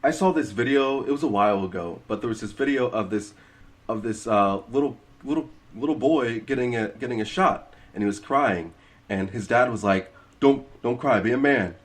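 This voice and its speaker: A young man with a low-pitched voice co-hosts a relaxed podcast. He talks earnestly, stopping and restarting as he works his thoughts out. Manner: earnest, halting, many restarts. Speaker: podcast co-host. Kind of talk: casual chat.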